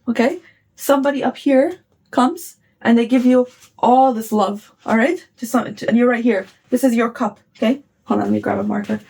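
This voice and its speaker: A woman with a slightly high, darkish voice offers blunt, casual self-help advice to her viewers. She swears freely and keeps checking in with "okay?" as she motivates them.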